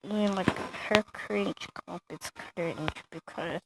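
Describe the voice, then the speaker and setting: A woman's voice: on the low side, slow, creaky, hardly any pauses, background noise. A woman ranting casually in a reaction video, mocking and giggly, rambling with many fillers. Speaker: video creator.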